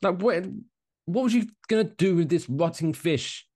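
A man co-hosting a casual podcast chat, animated and profane, slipping into mocking quoted voices. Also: high-pitched, normal speed. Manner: animated, swearing, jokey mock quotes. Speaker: podcast co-host.

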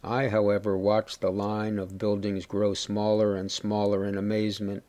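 A man giving a steady, measured first-person story reading. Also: fairly low pitch. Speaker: reader.

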